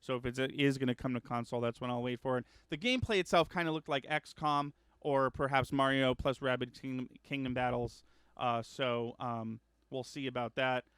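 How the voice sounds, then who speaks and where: A man hosting a casual gaming news chat, rambling with lots of ums and uhs and correcting himself, getting excited about upcoming games. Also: mid-range voice, a little fast, smooth, dry recording, clean studio sound. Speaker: gaming news show host.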